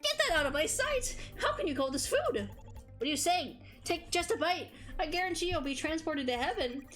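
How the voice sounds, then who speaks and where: A woman's voice: high voice, very animated, normal speed, fairly bright tone, faint music behind, voice pushed up. A woman voicing a haughty, snobbish rich woman who is a food critic, speaking imperiously. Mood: indignant. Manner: imperious, demanding.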